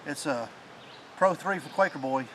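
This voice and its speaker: Excited rambling hunter, high voice. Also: male voice, moderate pace, a little hiss or hum, rough recording. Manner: excited, rambling storyteller with many restarts. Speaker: hunting channel host. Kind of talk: casual chat after a hunt. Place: outdoors in the mountain woods.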